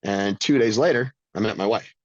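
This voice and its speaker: A man's voice: on the low side, normal speed, darkish tone, dry recording, lo-fi sound. A man in his fifties telling his own story in a blunt, profane, emphatic way as a podcast guest. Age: 50s. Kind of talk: casual storytelling.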